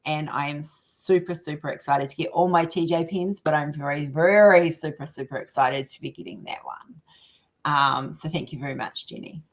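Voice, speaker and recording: A woman's voice: sits low, normal speed. A woman hosting a casual live chat, gushing and laughing often. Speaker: host.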